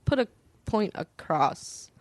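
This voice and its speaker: A woman's voice: medium pitch, sing-song, slow pace, no echo. A woman guest on a podcast, telling a story in chatty casual talk, laughing easily and swearing. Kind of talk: casual political chat.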